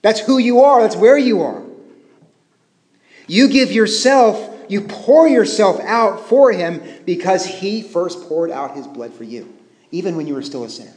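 A man preaching a sermon as pastor. He talks in a conversational way with self-deprecating asides and drops to a hushed tone for emphasis. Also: high-pitched, lively intonation, unhurried. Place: church. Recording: long reverb of a church hall.

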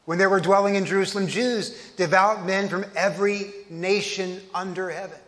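Male pastor, high voice, conversational sermon delivery, long church-hall reverb. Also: steady tone, normal speed, a bit bright. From Texas. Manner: conversational preaching with frequent restarts.

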